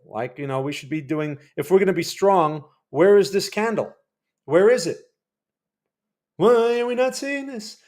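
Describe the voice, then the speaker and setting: A man hosting a live day-trading stream, chatty and rambling as he comments on trades and quizzes his chat. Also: a little high. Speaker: day trading livestream host.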